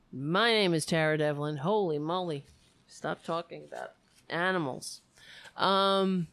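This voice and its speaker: Slow, rambling woman host, smooth voice. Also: sits low, no room sound. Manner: rambling, self-interrupting, heartfelt. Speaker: show host. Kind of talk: casual direct-to-camera chat.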